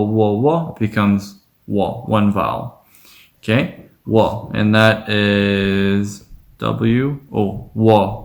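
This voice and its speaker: A man teaching a language lesson in a relaxed, casual way, repeating sounds slowly to demonstrate them. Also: fairly low pitch.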